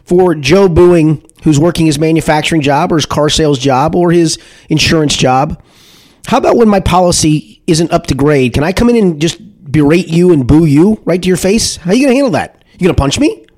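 Animated dude ranting about sports on a podcast, kinda high voice, swoops around a lot. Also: male voice, fairly quick. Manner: animated, repetitive restarts, acts out shouted booing. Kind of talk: casual sports talk.

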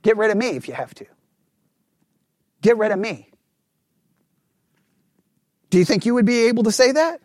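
Guy preaching a sermon, pretty high voice, very dry close sound, throws questions at the crowd. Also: normal speed, pauses often, no room sound. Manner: animated preaching, rhetorical questions, drops to a hush for asides. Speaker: pastor.

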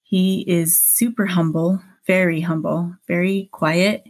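A woman guest on a podcast interview, telling a personal story in a lively way, acting out the dialogue and laughing often. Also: on the low side, takes it slowly.

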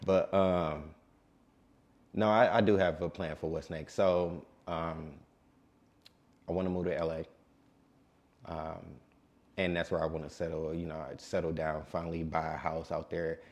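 A man in his late twenties from Detroit, a DJ talking calmly and in a laid-back way as an interview guest. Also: low-pitched, unhurried, long pauses. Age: late 20s. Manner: calm, laid-back talker. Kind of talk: casual interview.

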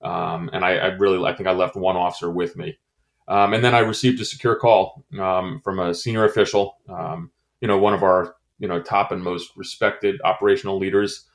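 A middle-aged man from the United States, a former intelligence officer, recounting a personal story in an interview, halting with many fillers and restarts. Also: low-pitched, little pitch movement, creaky. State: choked up.

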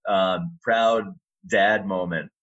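A middle-aged man, an arena announcer, telling a relaxed story with fillers in a casual interview. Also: deep voice, drawn-out words, muffled recording. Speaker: arena announcer and sports media relations staffer.

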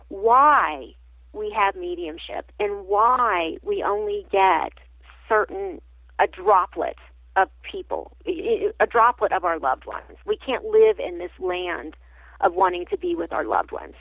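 A woman guest who works as a psychic medium tells a personal story in an animated, halting way, often restarting her sentences. She speaks at a mid pitch for a woman. Her voice comes through a thin, tinny phone line with a dry sound. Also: no echo.

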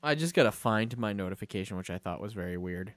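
A man's voice: lowish voice, expressive, quick pace, no echo. A man co-hosting a podcast in loose, jokey casual chat, who often slips into impressions of other people. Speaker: podcast co-host.

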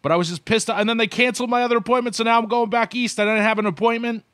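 A man's voice: extremely high pitch, steady tone, rapid-fire, fairly bright tone, smooth, no room sound, clean studio sound. A man co-hosting a podcast in casual chat, ranting and swearing in an exasperated way. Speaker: podcast co-host.

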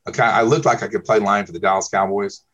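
A man's voice: on the low side, steady tone, fast talker, a bit bright, dull audio. A man telling client stories as a guest, emphatic and checking in with "okay?" after his points. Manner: emphatic, peppers speech with "okay?". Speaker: insurance broker guest. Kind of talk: conversational storytelling.

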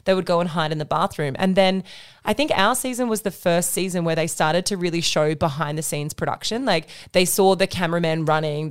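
Young woman co-host, kinda low voice, strong opinions, swears casual. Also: clean tone. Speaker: podcast co-host. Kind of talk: casual chat.

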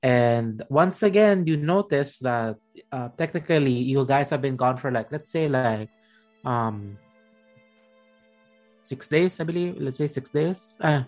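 A man's voice: mid-range voice, unhurried, a little mellow, faint music behind. A man running a tabletop game as game master, narrating with a rambling manner, full of fillers and self-corrections.

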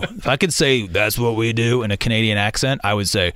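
A man's voice: fairly low pitch, a little fast, smooth, dry recording, clean studio sound. A man hosting a sports radio show, chatting casually and acting out quotes as he tells a story. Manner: animated storyteller, acts out deadpan quotes.

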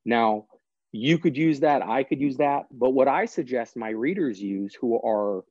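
Prosecutor guy explaining stuff earnestly on a podcast, warm mellow tone, dry close mic. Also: medium pitch, lively intonation, measured pace, dry recording, highs cut off. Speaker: guest, author and prosecutor. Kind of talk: podcast interview.

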